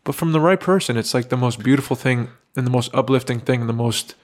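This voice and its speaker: A man talking casually on a podcast, earnest and reassuring, swearing casually and slowing down to stress his points. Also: medium pitch. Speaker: podcast co-host.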